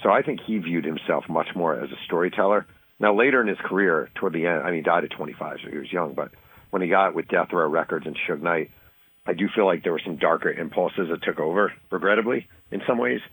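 A man from New York, an author talking as a guest in an interview, telling a story quickly and acting out the voices of the people in it. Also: sits low, husky, low-quality recording. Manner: fast, animated storytelling, acting out quoted voices.

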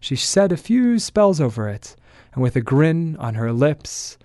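A man narrating a folk tale as the show's storyteller, in a steady, plain manner. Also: on the high side, measured pace, no echo, studio quality. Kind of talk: scripted narration.

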